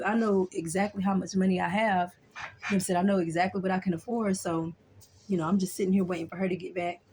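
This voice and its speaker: A woman's voice: on the low side, darkish tone, slight background noise. A young woman casually telling a personal story in a chatty, colloquial way, often checking in with "you know what I'm saying.".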